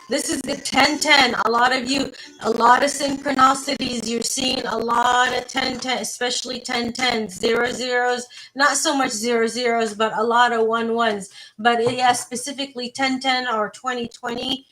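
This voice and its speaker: A woman's voice: a little high, steady tone, normal speed, sharp tone, low-quality recording. A woman giving a live tarot reading, talking to her viewers in a rambling, playful, casual way and swearing now and then. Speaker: tarot reader.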